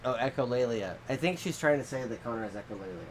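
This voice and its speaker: A man's voice: mid-range voice, expressive, fast talker, a little hiss or hum, rough recording. A young man co-hosting a podcast, telling stories in slangy casual chat, laughing and acting out what people said. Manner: laughing storyteller, acts out quotes, slangy. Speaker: podcast co-host.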